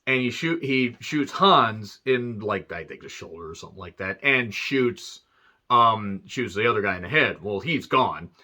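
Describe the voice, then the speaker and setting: A man's voice: lowish voice, expressive, normal speed, sharp tone. A man casually recapping a movie plot, rambling with profane jokes and lots of fillers. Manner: profane, joking asides, many fillers. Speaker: movie reviewer.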